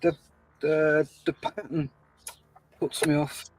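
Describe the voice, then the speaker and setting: A man's voice: on the high side, level tone, slow pace, a little mellow, faint music behind. A man co-hosting a casual livestream, cheerfully reading out chat comments and chatting with his guest. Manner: cheerful, reads chat comments aloud with laughs. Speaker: co-host reading live chat.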